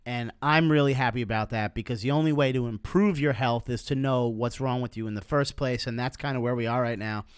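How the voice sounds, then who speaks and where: A man co-hosting a podcast with a smooth, clear voice, recorded close and dry. He speaks earnestly as he sums up the conversation. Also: medium pitch, a little fast, hardly any pauses, no room sound. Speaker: podcast co-host. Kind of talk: casual podcast chat.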